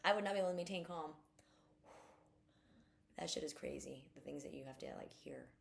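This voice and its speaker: A woman's voice: sits low, brisk, gravelly, a little hiss or hum. A woman co-hosting a podcast in casual chat, blunt and profane, with fired-up talk. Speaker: podcast co-host.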